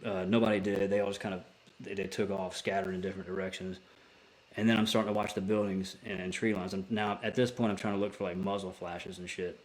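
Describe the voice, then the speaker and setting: A man's voice: low voice, level tone, quick pace. A man, a military veteran and podcast guest, telling a story casually with plenty of swearing, restarts and filler words. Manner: profane, rambling with many restarts.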